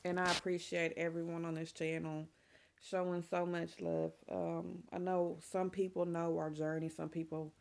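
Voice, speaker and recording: A woman's voice: on the low side, level tone, moderate pace, gravelly, noisy background. A middle-aged woman, chatting casually and emotionally to her vlog audience. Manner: chatty and emotional, saying y'all. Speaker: vlogger. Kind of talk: casual chat to camera.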